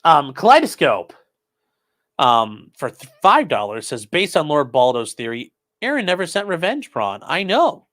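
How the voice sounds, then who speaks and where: A man's voice: a little high, huge pitch swings, a little slow, a bit bright. A man hosting a casual commentary stream, reading viewer messages aloud and answering them sarcastically. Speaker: host reading chat.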